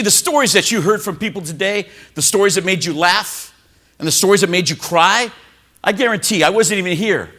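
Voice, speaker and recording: Lively animated male keynote speaker. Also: high voice. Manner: animated, exclaiming, asks the crowd questions. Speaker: motivational speaker. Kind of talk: keynote speech to a live audience. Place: hotel event hall.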